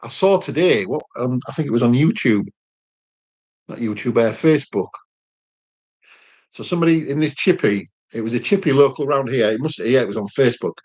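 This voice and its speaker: A man's voice: medium pitch, animated, fairly quick, darkish tone. A man co-hosting a casual home live chat about food, chatting and reading out viewer comments. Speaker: cooking channel co-host.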